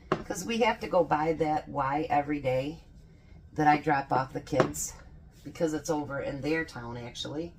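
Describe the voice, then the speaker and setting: A woman's voice: low voice, normal speed, noisy background. A woman chatting folksily as she cooks in her home kitchen, laughing often. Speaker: home cooking vlogger. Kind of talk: casual cooking vlog chat.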